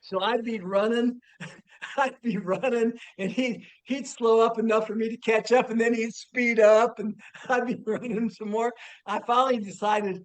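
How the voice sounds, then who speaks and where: A man's voice: high voice, fairly even intonation, moderate pace, low-quality recording. An older man, a former player, telling stories casually and laughing as he goes. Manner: laughing while telling anecdotes. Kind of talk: casual storytelling.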